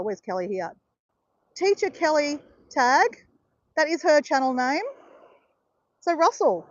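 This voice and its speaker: Chatty high-voiced Australian woman. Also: no room sound, highs cut off. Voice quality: chatty, encouraging, rambling with many "like"s. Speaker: vlogger hosting a livestream. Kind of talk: casual livestream chat with viewers. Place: outdoors in southeast Queensland.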